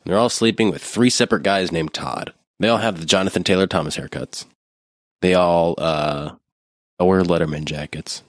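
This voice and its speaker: Co-host type: very low-voiced man, crude riffing banter, dry close sound. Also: normal speed, no echo. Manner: profane, riffing, acts out voices in quotes. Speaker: podcast co-host. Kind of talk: crude casual chat.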